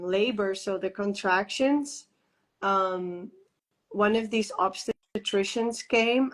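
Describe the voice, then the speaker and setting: A woman guest in an interview, telling a personal story candidly, with frequent laughter, restarts and fillers. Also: medium pitch.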